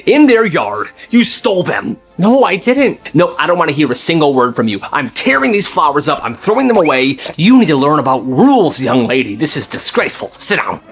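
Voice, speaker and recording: A man's voice: a little high, sing-song, a little fast, few pauses, fairly bright tone, faint music behind. A man doing a harsh, scolding schoolteacher. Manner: scolding, snapping. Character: harsh strict grade-school teacher.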